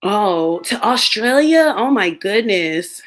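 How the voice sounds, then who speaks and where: A woman's voice: medium pitch, slow pace. A young American woman chatting casually on a live stream, telling stories with lots of laughter and playful impressions of other people. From United States. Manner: animated storytelling, laughs often, mimics others. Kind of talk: casual chat.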